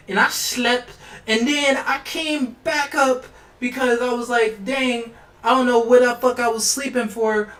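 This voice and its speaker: A man's voice: extremely high pitch, fairly bright tone. A young man telling a rambling, laughing storytime full of slang and repeated words, over video game sounds. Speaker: vlogger. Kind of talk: casual storytime. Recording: roomy, distant mic with music and game sounds.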